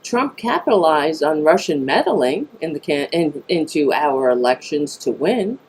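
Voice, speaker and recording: A woman's voice: low voice, lively intonation, measured pace, a little mellow, slight background noise. Blunt, profane woman streaming political talk. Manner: blunt, profane, exasperated asides. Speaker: political talk show host. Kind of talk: live-streamed political commentary. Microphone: streaming mic. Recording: tinny mic sound.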